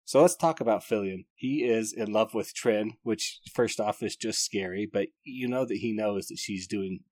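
A man's voice: on the low side, moderate pace, a little mellow, no room sound, studio quality. A man giving a casual, enthusiastic book review, rambling and often restarting his sentences.

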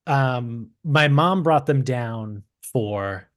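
A man around thirty with a Boston accent, co-hosting a podcast and telling stories in an animated, profane way. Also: mid-range voice, extremely slow, dry recording, studio quality. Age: 30s. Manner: animated, swearing storyteller. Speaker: podcast co-host. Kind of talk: casual chat.

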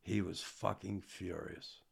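A man, a former hockey player, telling old stories in a rambling, halting way with casual swearing. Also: sits low, steady tone, creaky, husky. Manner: rambling, halting, with frequent restarts and fillers; swears casually, self-deprecating. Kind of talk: casual storytelling.

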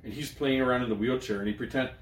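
A young man co-hosting a podcast, telling loose, profane stories with plenty of jokes. His voice sits at an ordinary pitch. The room gives it a roomy echo. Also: steady tone, racing, a little hiss or hum. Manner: loose, profane, joking storyteller. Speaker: podcast co-host. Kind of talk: casual chat. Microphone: studio microphone.

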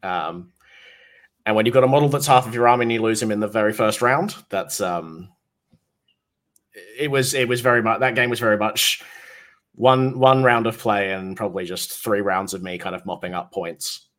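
An easygoing man co-hosts a tabletop gaming podcast. His voice sits a bit low, and he recaps each game at a relaxed pace with frequent fillers. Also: normal speed. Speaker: podcast co-host. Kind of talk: casual gaming chat.

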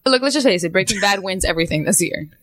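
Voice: medium pitch, lively intonation, fast talker, a bit bright, dry recording, soft background music. A podcast guest in casual chat, throwing in short, dry remarks.

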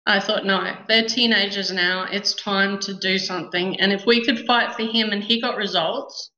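An Australian woman in middle age speaks earnestly and warmly about her own life, her tone bright and forward. The room is echoey and the recording is dull and lo-fi, with the top end missing. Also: mid-range voice, fairly even intonation, normal speed. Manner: earnest, heartfelt storytelling. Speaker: guest. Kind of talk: personal story in a podcast interview.

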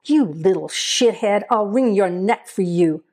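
A woman's voice: mid-range voice, lively intonation, measured pace, darkish tone. A woman playing a sneering sarcastic deputy. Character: sarcastic, taunting male deputy.

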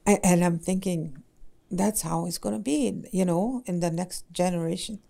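A woman language teacher in casual podcast talk, speaking haltingly with many fillers and "eh?" tags. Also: lowish voice, vocal fry, dark tone.

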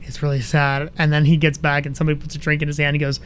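A man's voice: on the high side, monotone, a bit bright, smooth. A married man co-hosting a podcast, trading wry, laughing commentary. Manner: wry, quick, laughs often. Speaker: podcast co-host. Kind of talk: casual recap chat.

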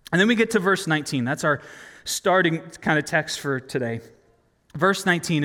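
Guy preaching, chatty, keeps asking the crowd questions, fairly high voice, long echo off the hall. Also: fairly bright tone. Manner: conversational, asks rhetorical questions. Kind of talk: sermon.

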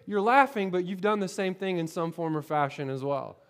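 A high-pitched male pastor from Florida preaching to his congregation. He slips into a chatty storytelling way of talking, stumbling over repeated words and tossing out "right?" to the room. He is middle-aged, and his sermon mixes personal tales with earnest appeals. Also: a little fast, few pauses, fairly bright tone. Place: church sanctuary.

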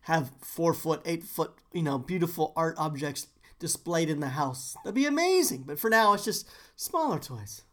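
A man's voice: on the high side, expressive, normal speed, a bit bright. Easygoing man hosting a toy podcast. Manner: laughing, playful. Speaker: podcast host. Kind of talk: casual chat.

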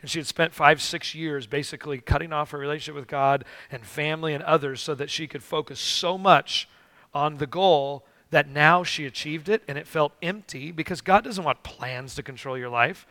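A male pastor delivers a sermon with a bright, forceful tone and a fairly high pitch. He tells stories earnestly, acting out the lines of dialogue. The sound is close and dry. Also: normal speed, no room sound. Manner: storytelling with acted-out dialogue, earnest and emphatic. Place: church sanctuary.

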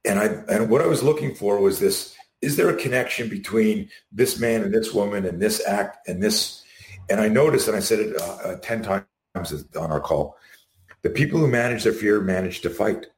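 A middle-aged man being interviewed, talking in an animated way and acting out the quotes in his stories. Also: on the low side, moderate pace. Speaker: guest. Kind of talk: casual interview. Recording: roomy echo.

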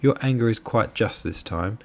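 A man voicing a poor, excitable middle-aged captain who pleads and frets. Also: lowish voice, normal speed. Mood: pleading.

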